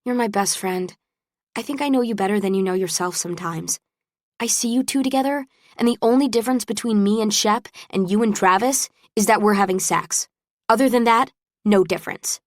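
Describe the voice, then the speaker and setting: A woman's voice: medium pitch, brisk, no echo, clean studio sound, lightly acted. A woman voicing a pushy, upbeat young college woman who teases and meddles in an audiobook. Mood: teasing.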